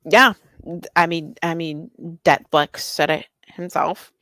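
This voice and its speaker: A woman's voice: deep voice, takes it slowly, dry recording. Bubbly woman streamer, dry close sound. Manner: bubbly, excitable, reads chat aloud. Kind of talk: casual live-stream chat with viewers.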